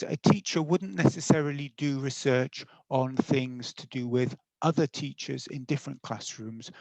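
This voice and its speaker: Gravelly-voiced man giving a webinar talk. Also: mid-range voice, no echo, rough recording. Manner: friendly, explanatory, with fillers and self-corrections. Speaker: teacher educator giving a webinar. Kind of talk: webinar presentation.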